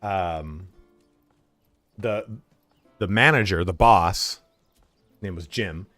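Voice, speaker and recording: A man's voice: low-pitched, extremely slow, fairly bright tone, no room sound, soft background music. A young man streaming from home, chatting casually and telling rambling stories with lots of swearing and filler words. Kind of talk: casual livestream chat.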